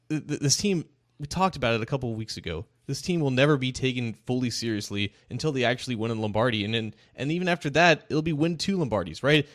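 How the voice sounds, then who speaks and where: A man co-hosting a sports talk show, animated, laughing often and restarting his sentences. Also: mid-range voice. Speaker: co-host.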